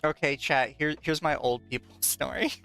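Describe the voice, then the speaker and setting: Chill podcast host rambling thru a story, laughs a lot, swears, super smooth voice. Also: mid-range voice, fairly even intonation, normal speed, pushed and bright, dry recording, soft background music. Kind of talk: casual chat with a livestream audience.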